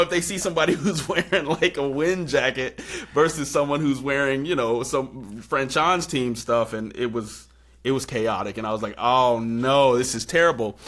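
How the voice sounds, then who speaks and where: A young man hosting a podcast, casually telling a story and acting out quotes in excited high bursts. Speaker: podcast host.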